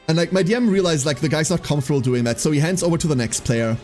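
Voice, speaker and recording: A man's voice: a little high, very fast, few pauses, darkish tone, soft background music. A man streaming, casually chatting with his viewers and telling a story, swearing freely and acting out the people he quotes.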